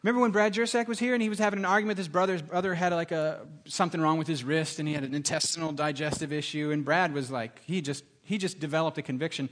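A middle-aged man preaching a sermon, telling stories with lively, animated delivery and acting out other people's voices. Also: fast talker, few pauses. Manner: animated storytelling, acts out voices with big pitch jumps. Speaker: pastor.

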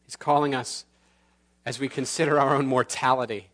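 A man preaching from the pulpit in an earnest, medium-pitched voice. He slows down on key words and lets his voice drop into quiet pauses. He leads the congregation in prayer at the close. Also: fairly even intonation. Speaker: pastor. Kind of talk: sermon. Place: church sanctuary.

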